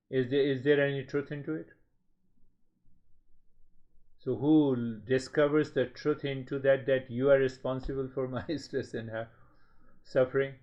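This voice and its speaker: A man giving a spiritual talk as a teacher, speaking slowly in measured, repetitive phrases. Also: mid-range voice, fairly even intonation. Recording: slightly dull lo-fi sound.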